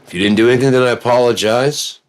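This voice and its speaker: A man in a profane, rambling monologue that swings between low mutters and excited yelling. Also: fast talker.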